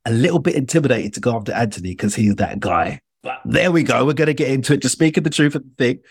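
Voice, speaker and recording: Energetic British man giving a keynote. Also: mid-range voice, quick pace, vocal fry, slightly rough, dry recording, studio quality. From Britain. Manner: energetic, playful, addresses audience directly. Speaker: keynote speaker. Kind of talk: interactive online keynote.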